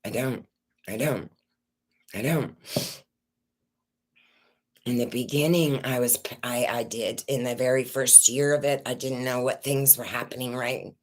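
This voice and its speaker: A woman's voice: rumbling low, fairly even intonation. Raw, tearful woman venting. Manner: raw, distressed, swearing, halting restarts. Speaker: channel host. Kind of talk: emotional personal vlog.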